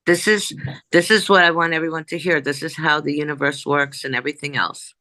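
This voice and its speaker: A woman, a psychic medium, telling a story in an interview in an animated way, jumping back and forth and acting out what people said. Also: low voice, brisk, no echo, rough recording. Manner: animated, jumps back and forth, acts out quoted dialogue.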